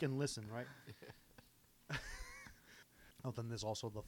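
Animated man chatting on a podcast. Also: medium pitch, measured pace, no echo. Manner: animated storyteller, laughs often. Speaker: podcast co-host. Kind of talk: casual podcast chat.

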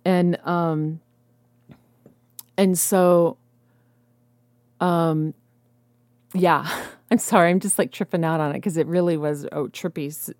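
A young woman recounts a story in a loose, halting way. Her voice sits a little low for a woman. The sound is dry, with no room around it. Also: fairly even intonation, darkish tone, no echo. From United States. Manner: rambling, halting, many fillers. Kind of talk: casual storytelling.

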